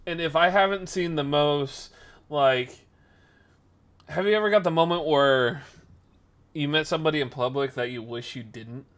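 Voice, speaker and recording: A fairly high-pitched man rambles through a story on a casual podcast. He keeps correcting himself, swears offhandedly, and jumps into the voices of the people he describes. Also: normal speed, pauses often. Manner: animated, acts out the people in his story with jumps in pitch and volume. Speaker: podcast host.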